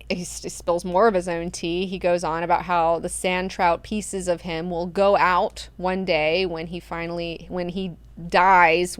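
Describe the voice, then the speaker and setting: Woman hosting a book club, swearing and slangy recap, smooth clear voice, dry close sound. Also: mid-range voice, dry recording. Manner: crude, slangy, heavy on filler words.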